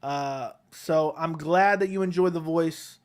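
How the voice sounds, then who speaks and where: A man hosts a casual live stream from home, seated close to his desk microphone. He answers viewers' questions one by one in a relaxed, rambling way. His voice sits a bit higher than most men's. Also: a little slow. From Connecticut, USA. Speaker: MMA YouTube host reading live chat.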